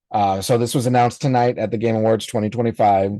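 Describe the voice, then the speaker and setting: Fortyish guy on his podcast, rambly and nostalgic, lotsa ums, lowish voice, dry sound. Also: steady tone, fairly quick, few pauses, warm tone, no echo. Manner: rambling and nostalgic, many fillers and restarts. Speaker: podcast host. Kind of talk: casual reaction commentary.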